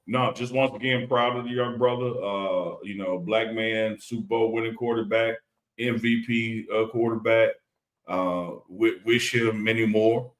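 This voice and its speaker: Laid-back man with a low voice. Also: steady tone, measured pace, a bit bright. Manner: laid-back, teasing banter. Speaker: co-host of a live stream. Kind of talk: casual sports chat. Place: at home. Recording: roomy home room sound.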